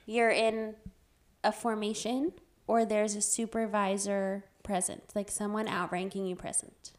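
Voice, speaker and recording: A woman's voice: mid-range voice, flat delivery, a little slow. A woman co-hosting a podcast in casual chat, talking loosely and filling her speech with "like". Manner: chatty, fills speech with "like", laughs often. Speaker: podcast co-host.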